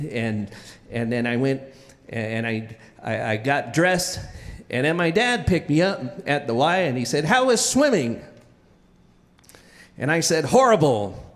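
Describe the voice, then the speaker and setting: A man telling a childhood story live on stage, animated and often restarting with repeated words. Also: sits high, in a large hall.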